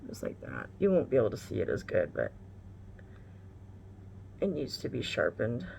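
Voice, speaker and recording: A woman's voice: extremely low pitch, wildly swooping pitch, normal speed, vocal fry, darkish tone, a little hiss or hum. A woman vlogger chatting casually through a makeup tutorial, candid and rambling, swearing now and then.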